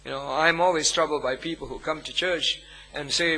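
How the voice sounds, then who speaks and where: A man, preaching a sermon as pastor, with emphatic phrasing and long pauses between phrases. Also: fairly high pitch, steady tone, bright, forceful tone, poor audio.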